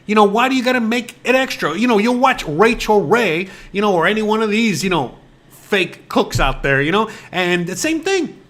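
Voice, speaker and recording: Exasperated high-voiced man ranting. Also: big pitch swings, moderate pace, a bit bright. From United States. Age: 40s. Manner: rambling, heavy on fillers and restarts. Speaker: host. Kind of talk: casual rant to camera.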